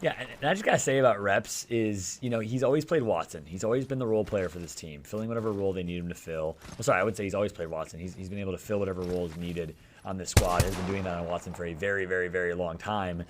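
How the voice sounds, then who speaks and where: A man doing live esports play-by-play commentary, energetic and joking, with rambling asides. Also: deep voice, fast talker, few pauses, slight background noise. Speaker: esports caster.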